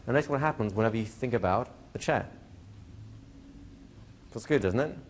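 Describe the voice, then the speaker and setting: A man teaching a hypnosis class to a live audience, talking in a relaxed way and slowing into soft hypnotic suggestions. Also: medium pitch, slight background noise. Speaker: hypnosis trainer. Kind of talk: live training lecture. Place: training room with a seated audience.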